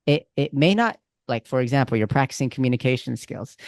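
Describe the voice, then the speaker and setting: A man coaching someone in a casual, animated way with friendly slang. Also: mid-range voice, fairly quick, creaky, hardly any pauses, no echo, studio quality. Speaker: communication coach. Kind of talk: coaching over a call.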